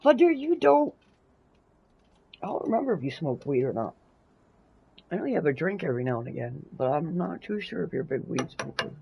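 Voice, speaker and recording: A Canadian woman streaming a game live, chatting casually, swearing freely and breaking into loud playful outbursts. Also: sits low, very animated, brisk, creaky, pauses often, muffled recording, slight background noise. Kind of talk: casual live-stream chat while gaming.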